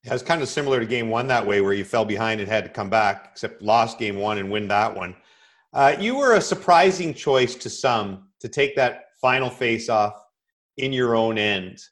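A man's voice: lowish voice, expressive, moderate pace, fairly bright tone. A man interviewing a former player, asking questions in a conversational way with brief affirmations.

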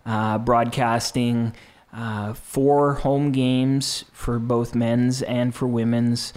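A man with a middle-pitched voice speaks as a guest from campus radio. He talks in an unhurried, friendly way and tells his stories with plenty of filler words. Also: level tone, a little mellow. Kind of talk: casual interview talk.

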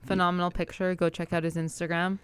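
A woman's voice: on the low side, little pitch movement, quick pace, clean tone, no room sound. A young woman in her twenties co-hosting a podcast in casual chat, tossing in dry teasing quips. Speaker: podcast co-host.

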